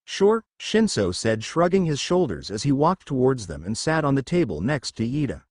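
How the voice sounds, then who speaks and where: A man narrating a fan-written story in a lively, expressive reading voice. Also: mid-range voice, moderate pace, hardly any pauses, dry recording, clean studio sound. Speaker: fanfiction narrator.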